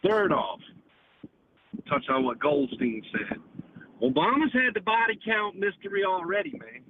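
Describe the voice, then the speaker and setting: A caller from the United States talks in a loose, rambling way, swearing and tagging "man" onto his sentences. His voice sits a bit high for a man. It comes through a thin, phone-like line with a loud hiss behind it. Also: very animated, measured pace. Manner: rambling, profane, repeats "man" constantly. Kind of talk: casual call-in chat.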